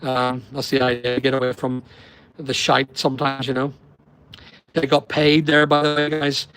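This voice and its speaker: A man's voice: medium pitch, monotone, normal speed, fairly bright tone, poor audio. A middle-aged man with a Northern Irish accent chatting on a live stream, rambling and answering viewers' comments as he goes. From Northern Ireland. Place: holiday lodging abroad. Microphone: laptop or phone on a weak connection.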